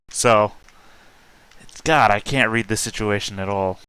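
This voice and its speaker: Bright, crisp man reasoning aloud. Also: on the low side, moderate pace, no echo, rough recording. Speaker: player. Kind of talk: casual tabletop play.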